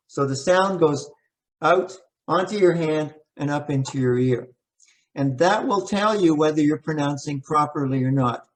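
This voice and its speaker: A middle-aged man leading a pronunciation workshop, saying word pairs slowly and repeating each sound to demonstrate it. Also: on the high side. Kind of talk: workshop teaching.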